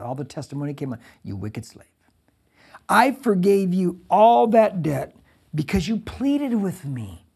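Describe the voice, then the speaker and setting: A male pastor giving a conversational verse-by-verse sermon, reading scripture and breaking in with lively asides. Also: a little high, husky. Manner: conversational, animated preaching with asides.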